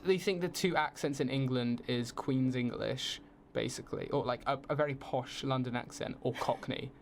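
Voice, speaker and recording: A young British man talks through a relaxed podcast conversation, easygoing and quick to laugh. He restarts his sentences as he thinks aloud, over a faint background hiss. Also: mid-range voice. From United Kingdom. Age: young adult. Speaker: film production student, guest. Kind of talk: casual podcast chat.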